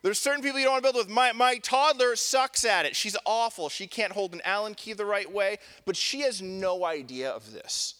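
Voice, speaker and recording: Man preaching, high voice, bright and forceful, conversational with lots of likes, joking at himself, long hall echo. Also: animated, moderate pace, few pauses. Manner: conversational storytelling with many fillers; self-deprecating and joking. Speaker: pastor. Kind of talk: sermon.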